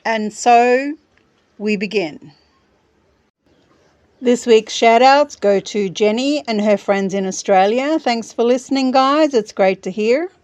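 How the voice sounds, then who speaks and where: A woman's voice: fairly high pitch, takes it slowly, long pauses, darkish tone, dry recording. A woman podcast host reading her own travel story aloud with wry humor.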